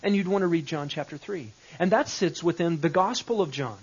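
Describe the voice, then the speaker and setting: A man's voice: fairly high pitch, lively intonation, a little fast, slightly rough. A man leading a live Bible study session, talking conversationally and repeating phrases with shifting emphasis. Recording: dull lo-fi recording.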